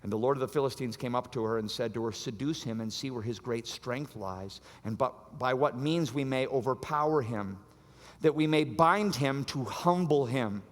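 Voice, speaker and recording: A man preaching a sermon as pastor, animated and acting out the voices of the story. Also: medium pitch, moderate pace. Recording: long hall reverb.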